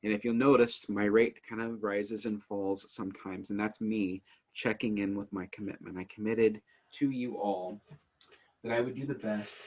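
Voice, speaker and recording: A man who teaches family life, talking casually to the camera in an earnest, eager way while working to keep his pace slow and calm. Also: fairly low pitch. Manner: earnest, eager, works at speaking slowly and calmly; frequent fillers and restarts as energy rises. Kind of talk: casual instructional talk to camera.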